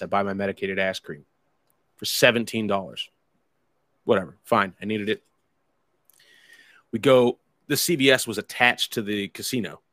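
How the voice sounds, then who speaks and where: A man's voice: on the low side, a bit bright, no room sound. A man casually telling a long, rambling anecdote, swearing freely and wry about it. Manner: profane, rambling, wry storytelling with quoted dialogue.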